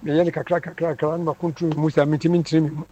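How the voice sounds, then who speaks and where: Stammering elderly man, quick and mellow. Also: on the high side, level tone, lo-fi sound. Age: 80s. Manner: halting, stammers and repeats syllables. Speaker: elderly congregant seeking healing. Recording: background noise.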